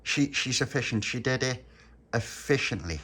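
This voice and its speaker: A man's voice: medium pitch, lively intonation, normal speed, sharp tone, pitched above the performer's own voice. A man does a meek little boy who stammers and hesitates before going along with others. The voice rises and falls broadly, told like a storybook. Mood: hesitant. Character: reluctant mild-mannered little boy.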